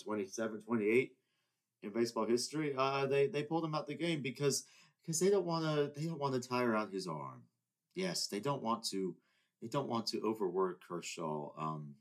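Heated, rambling young man ranting solo. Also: lowish voice. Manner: rambling and heated, many restarts. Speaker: podcast host. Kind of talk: casual solo monologue.

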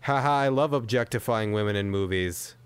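A man's voice: fairly low pitch, brisk, clear, resonant tone, no room sound. A man hosting a podcast, ranting and swearing in exasperation as he reacts to a movie into a desk microphone. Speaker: podcast host. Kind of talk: profane movie-reaction rant.

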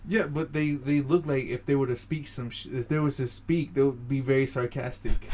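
A man's voice: mid-range voice, steady tone, normal speed, a little mellow, slight background noise. A man bantering casually with friends, rambling, laughing often and swearing freely. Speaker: friend in a group chat.

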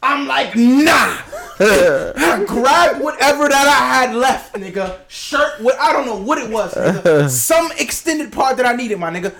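A man telling a story in casual chat, profane and lively, acting out the quotes. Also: very high-pitched, a little slow, crowd noise.

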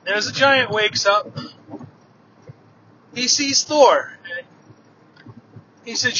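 A man retelling an old myth aloud in a relaxed, vivid storytelling manner. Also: extremely high pitch, slow pace, long pauses. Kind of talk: oral storytelling of myths. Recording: dull lo-fi with faint noise.

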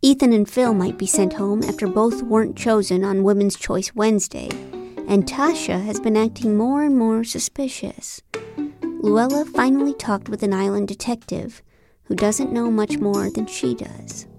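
A woman narrating a novel in the first person, with a wry, deadpan delivery. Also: medium pitch, normal speed, over music. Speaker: audiobook narrator.

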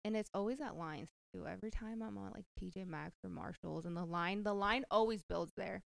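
A woman's voice: mid-range voice, fairly quick, vocal fry, no room sound. A sassy young woman talking bluntly in a casual podcast chat. She is full of slang and sure of herself, with a dry, close sound. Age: young adult. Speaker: guest.

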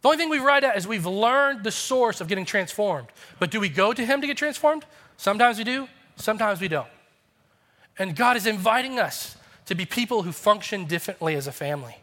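Bright-voiced pastor preaching earnestly. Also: male voice, high-pitched, animated, a little fast. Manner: earnest, confessional, acts out quoted voices. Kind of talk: sermon.

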